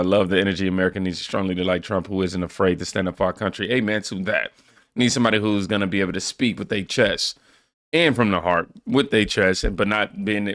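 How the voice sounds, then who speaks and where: A man hosting a reaction channel, reading viewer comments in a relaxed, joking way and stumbling over words now and then. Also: low-pitched, no echo, studio quality.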